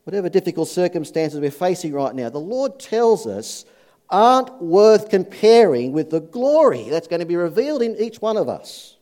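Man preaching a mellow sermon. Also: big pitch swings, moderate pace. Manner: storytelling, rising for punchlines, dropping low for scripture. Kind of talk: sermon with anecdotes.

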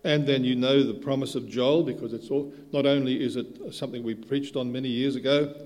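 A man preaching a sermon, swinging between soft asides and loud, emphatic bursts. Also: mid-range voice, steady tone, brisk. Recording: hall reverb.

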